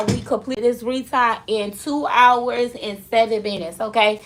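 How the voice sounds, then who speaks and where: A woman's voice: fairly high pitch, unhurried, few pauses. A woman loc stylist, chatting casually and teasingly to her viewers in a salon vlog. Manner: chatty, animated, teasing, laughs often. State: recovering from a choking fit.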